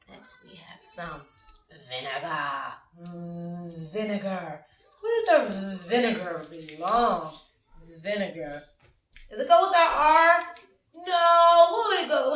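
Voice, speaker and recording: A woman teaching phonics to young children, slow and encouraging, sounding out letters with exaggerated care. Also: medium pitch, a bit bright. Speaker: early-learning teacher. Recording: roomy, from a distance.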